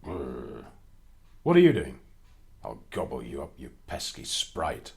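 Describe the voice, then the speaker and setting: A man's voice: extremely low pitch, wildly swooping pitch, slow, vocal fry, a little mellow, pitched below the performer's own voice, exaggerated voice. A man voicing a short, bad-tempered male ogre in a children's storybook reading, growling his threats. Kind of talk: storybook narration.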